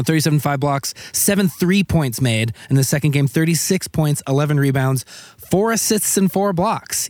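Excitable, rambling podcast host man. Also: on the high side, no room sound, clean studio sound. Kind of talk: casual sports podcast chat.

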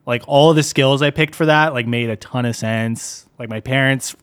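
A man's voice: mid-range voice, normal speed, smooth. Laid-back young man, rambling gamer chat. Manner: relaxed, rambling, lots of "like" and "dude". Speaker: podcast co-host. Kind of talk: casual chat.

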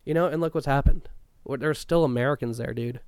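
Young guy cohosting a podcast, rambly and sweary, real smooth voice, no room sound. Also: medium pitch, fairly quick, darkish tone, dry recording, clean studio sound. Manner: loose, rambling, swears a lot. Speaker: podcast co-host. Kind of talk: casual chat.

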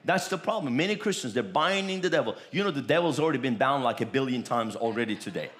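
A man's voice: medium pitch, expressive, fast talker, fairly bright tone. A man preaching a sermon, with emphatic, repetitive declarations that rise in bursts.

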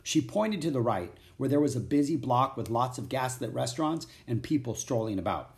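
A man narrating a children's chapter book aloud in clear, steady storytelling. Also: medium pitch, fairly quick.

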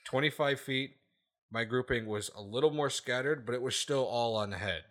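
A man's voice: medium pitch, moderate pace, fairly bright tone. A man hosting a casual podcast, ranting emphatically with lots of swearing and repeated "okay?" checks. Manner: profane, laughs at his own points.

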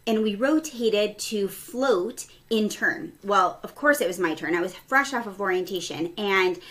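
A woman nurse telling a story from her career in a casual interview, lively and acting out the voices of the people in it. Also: mid-range voice, unhurried. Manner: animated, acts out quoted dialogue. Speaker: pediatric ICU nurse, guest.

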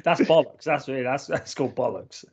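A man's voice: mid-range voice, a little fast, a little mellow, breathy edge, muffled recording. A man co-hosting a casual podcast, joking sardonically and swearing freely. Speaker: podcast co-host.

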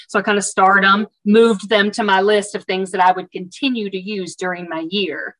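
Woman interview guest telling a story, chatty and animated, self-amused. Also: mid-range voice, a little fast, few pauses, low-quality recording. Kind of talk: casual storytelling.

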